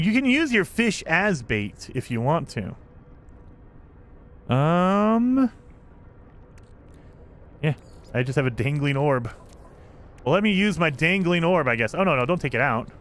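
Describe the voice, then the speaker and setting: A man's voice: fairly high pitch, sing-song, unhurried, pauses often, fairly bright tone. A man streaming a game live, chatting with his viewers and laughing often as he plays. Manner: chatty, laughs often, talks to chat while playing. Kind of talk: casual live-stream chat.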